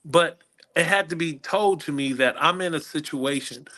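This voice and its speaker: A man's voice: fairly high pitch, moderate pace, pushed and bright. A man who is a comedian guest on a podcast, animatedly telling stories and acting out other people's voices over a video call. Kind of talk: podcast interview storytelling.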